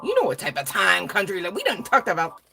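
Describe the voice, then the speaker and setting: A woman's voice: mid-range voice, wildly swooping pitch, quick pace, vocal fry, sharp tone, soft background music, low-quality recording. A woman giving a casual live tarot reading, rambling and swearing freely with laughing asides. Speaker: tarot reader.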